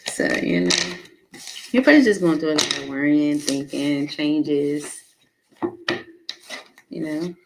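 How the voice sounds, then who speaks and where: A woman's voice: low-pitched, big pitch swings, takes it slowly, pauses often, very noisy. Chatty, laughing tarot-reading woman. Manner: chatty, laughs often, talks to viewers by name. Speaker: tarot reader hosting a live stream. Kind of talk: casual live tarot reading.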